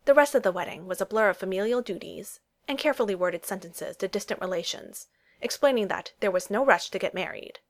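A woman reading a romance story aloud as an audiobook narrator. Her storytelling is steady and even, keeping a smooth, measured flow through the narration. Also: mid-range voice.

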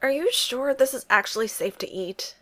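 A woman reading the part of an earnest male superhero captain in an audiobook story, speaking in a strained, halting way. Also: high voice, animated, sharp tone, voice pushed up, heavily acted.

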